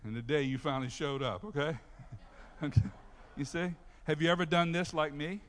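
High-voiced man preaching in a reverberant hall. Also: moderate pace. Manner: animated preaching, addresses congregation directly. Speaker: pastor. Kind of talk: sermon. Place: church sanctuary. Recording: long reverb of a large hall.

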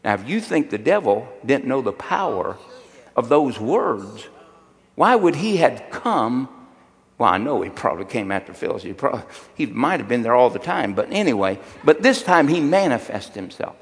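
An older male preacher delivering a sermon with folksy humor and personal anecdotes. He pulls the congregation into call-and-response. His voice sits at an ordinary pitch for a man and rings with the long reverb of a large hall. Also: very animated, normal speed. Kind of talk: sermon with storytelling.

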